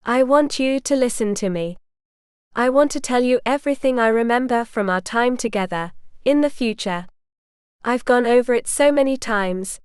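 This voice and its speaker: A woman's voice: fairly high pitch, normal speed, clear, resonant tone, dry recording, studio quality, natural voice. A woman reading the part of a bold young woman who teases and coaxes with earnest resolve. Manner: teasing, coaxing, earnest.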